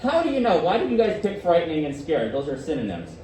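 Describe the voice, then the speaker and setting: Male teacher, lively up-and-down delivery, slightly higher voice, distant mic in roomy classroom. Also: fast talker, slight background noise. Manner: animated, questioning students. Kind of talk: classroom lesson.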